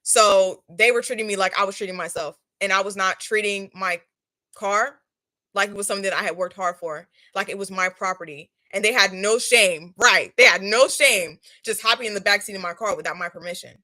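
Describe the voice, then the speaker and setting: A young woman vlogger telling a story in casual chat, emphatic and animated, often checking in with "okay?" and "right?". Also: medium pitch, a little fast, dry recording. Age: young adult. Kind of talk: casual storytime while doing a face mask.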